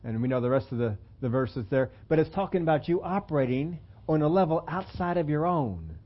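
A man's voice: a little high, animated, brisk. A man preaching a conversational sermon as pastor, joking about himself and putting questions to his listeners. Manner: conversational, self-deprecating, asks the congregation questions. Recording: dull lo-fi sermon audio.

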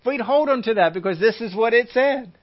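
A man's voice: very high-pitched, lively intonation, fairly quick. A man preaching a Bible teaching sermon, acting out everyday scenes and repeating his points for emphasis. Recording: muffled lo-fi recording.

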